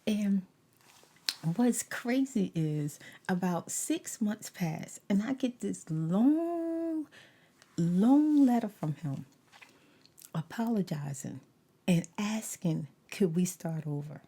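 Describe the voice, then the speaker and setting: Middle aged woman telling a story asmr style, low mellow voice, animated with whispery asides. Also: slow pace, breathy edge. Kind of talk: soft-spoken storytelling over snacks. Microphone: desk USB microphone.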